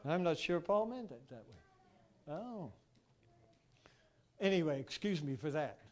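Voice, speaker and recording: A man giving an informal sermon, telling stories with animated rhetorical asides and frequent chuckles. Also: on the high side, takes it slowly. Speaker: preacher.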